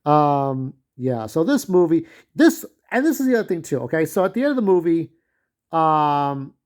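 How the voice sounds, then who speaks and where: A man giving a casual spoken movie review, rambling and irreverent, with lots of filler pauses. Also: on the high side, big pitch swings, a little mellow.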